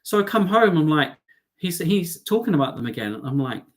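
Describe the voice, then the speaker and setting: A man from the United Kingdom hosting a live stream, talking to his viewers in a chatty, excitable way and calling them darling and lovelies. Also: on the high side, moderate pace.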